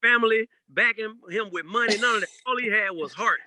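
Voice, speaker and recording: A man, a DJ and a father, telling personal stories in a casual podcast chat, animated and laughing as he goes. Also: sits high, fairly quick, no echo, rough recording. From Georgia, USA. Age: adult parent. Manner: animated storyteller, laughs through anecdotes. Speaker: guest DJ.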